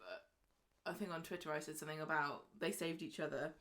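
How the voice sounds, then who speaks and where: Bright-voiced chatty woman co-host. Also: low-pitched, brisk. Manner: chatty, reads out statistics, teasing. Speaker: podcast co-host. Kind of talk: casual soap recap chat.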